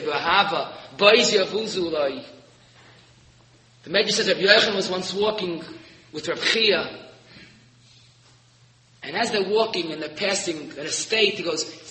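A high, bright-voiced man preaches in a big hall, and his voice rings out with a long reverb. He swings from soaring emphasis down to hushed, quiet lines as he tells his story. The sound is sharp and forceful. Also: a little hiss or hum. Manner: storytelling with rising emphatic peaks and sudden hushed drops. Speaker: rabbi giving a Torah talk. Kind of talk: sermon.

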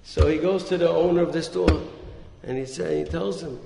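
A rabbi giving a Torah talk tells a story as an animated storyteller, acting out the quoted lines as his voice rises and drops. His voice is a little high and gravelly at a moderate pace. The recording has an echoey hall sound and faint noise.

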